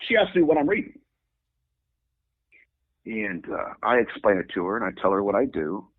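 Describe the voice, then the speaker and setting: A man telling a story as an interview guest, acting out the people in it with sudden jumps in pitch. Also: big pitch swings, normal speed, breathy edge. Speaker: guest demonologist. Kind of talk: animated storytelling. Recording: phone-like lo-fi audio.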